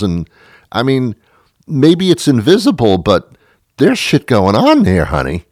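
A man telling a ranting comic story, mocking himself and swinging from loud outbursts to mutters. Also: mid-range voice, wildly swooping pitch, unhurried, dry recording, studio quality. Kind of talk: comedic storytelling monologue.

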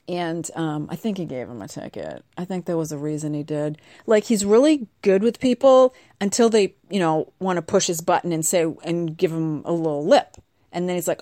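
A woman's voice: on the low side, animated, moderate pace, dark tone, dry recording, clean studio sound. A middle-aged woman hosting a podcast, chatting casually and telling a story with acted-out quotes. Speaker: podcast host. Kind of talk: casual monologue.

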